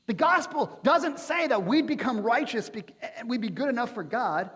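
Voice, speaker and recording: High-voiced preacher in a reverberant hall. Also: male voice, expressive, normal speed, slightly rough. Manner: passionate, building to near-shouts at climaxes. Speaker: pastor. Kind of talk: sermon. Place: church sanctuary.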